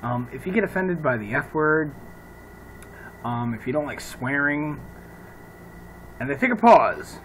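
A man's voice: medium pitch, sing-song, a little slow, long pauses, a bit bright, a little hiss or hum, low-quality recording. A man from upstate New York ranting on his own vlog, swearing freely and laughing at his own jokes. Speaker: vlogger.

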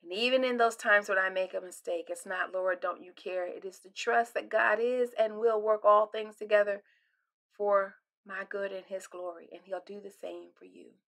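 An older woman pastor giving a devotional sermon, delivered expressively, with her voice swinging from loud emphasis to hushed near-whispers. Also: medium pitch, steady tone, normal speed.

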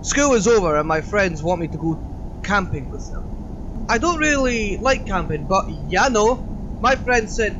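A man's voice: high voice, animated, normal speed, muffled recording, noisy background. A man hosting a let's play, chatting and joking as he goes. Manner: chatty, jokey, rambling. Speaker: gaming channel host.

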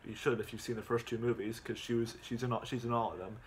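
Halting, rambling man recapping a movie. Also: medium pitch, level tone, slight background noise. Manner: halting, full of ums and repeated words. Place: at home.

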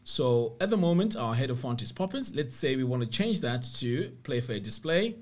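A man's voice: mid-range voice, big pitch swings, moderate pace, darkish tone. A man narrating a screen-recorded web design tutorial step by step, upbeat about what the features do.

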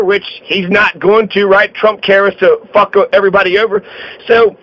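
A man giving an opinionated political monologue, blunt and repetitive, filling pauses with "you know". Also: sits high, lo-fi sound. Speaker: political commentator.

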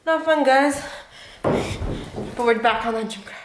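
A chatty young woman vlogging in a casual, storytelling way, with a fairly high voice. She tends to draw out some words and laugh partway through sentences. The sound is echoey, as if recorded in a bare room. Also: takes it slowly, background noise. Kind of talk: casual vlog chat.

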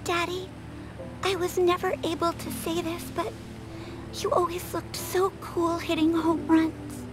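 A woman's voice: very high voice, level tone, measured pace, over music. An actress voicing a grieving young woman saying a tender farewell to her father in a video game.

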